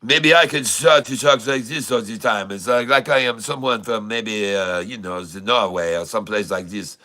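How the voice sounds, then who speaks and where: A man putting on a chic, debonair European voice to sell sunglasses, with a slow, lilting fake accent and giggles. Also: on the low side, pushed and bright. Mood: mock-suave.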